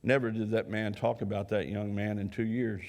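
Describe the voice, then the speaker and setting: A man's voice: on the low side, little pitch movement, normal speed, darkish tone. A man working as a counselor tells a long personal story in an earnest, repetitive way, often restarting with "and, and". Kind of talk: storytelling talk.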